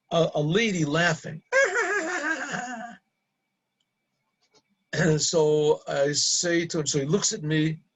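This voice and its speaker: Gravelly halting male storyteller. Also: a little high, low-quality recording. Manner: halting, repeats words, laughs at own story. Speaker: rabbi storyteller. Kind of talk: casual anecdote telling.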